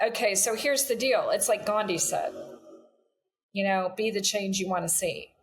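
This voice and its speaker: A woman's voice: medium pitch, normal speed, soft background music, rough recording. A woman from Kentucky who works as a leadership coach, speaking earnestly as a guest in a casual interview. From Kentucky, USA.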